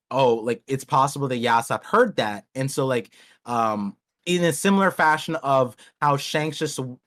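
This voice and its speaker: A man's voice: medium pitch, a bit bright. A man hosting a podcast in casual chat, rambling with many restarts and acting out characters. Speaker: podcast host.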